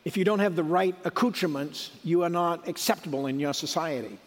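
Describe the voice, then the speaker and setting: A man's voice: on the high side, a little fast, in a large hall. A middle-aged man giving a sermon in a conversational, folksy way, with asides and restarts. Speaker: preacher.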